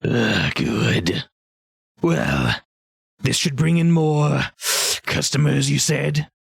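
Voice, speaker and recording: A man's voice: medium pitch, very animated, very slow, vocal fry, husky, no room sound, pitched above the performer's own voice, exaggerated voice. A man voicing a tall, smirking male ogre trader who talks in a dry, mocking way.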